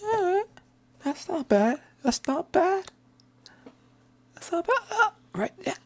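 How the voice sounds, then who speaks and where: A skittish wild bird, its voice pitched way up and squeaky, blurting out alarmed squawks and relieved little mumbles, as a man puts it on. The delivery is cartoonish, almost like a storybook creature. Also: big pitch swings, slow pace, dry recording, exaggerated voice. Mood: alarmed, soothed. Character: skittish wild bird calming when petted.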